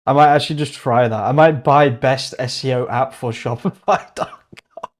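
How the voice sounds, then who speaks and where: A young man hosting a casual livestream, thinking aloud as he browses, excitable, laughing often and muttering asides to himself. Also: medium pitch, moderate pace. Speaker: host.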